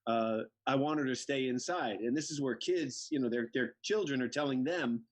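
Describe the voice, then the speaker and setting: A comedian from Connecticut tells funny family stories on a video call in a medium-pitched voice at normal speed. His anecdotes are animated and packed with quoted voices, including playful impressions of his mother.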